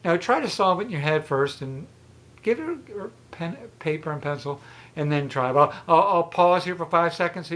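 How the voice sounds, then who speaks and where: A man's voice: on the high side, lively intonation, moderate pace, a bit bright. Chatty man in his sixties. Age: 60s. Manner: chatty and rambling, with repeated false starts. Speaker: trivia channel host. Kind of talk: casual explanation of a math riddle. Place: outdoors.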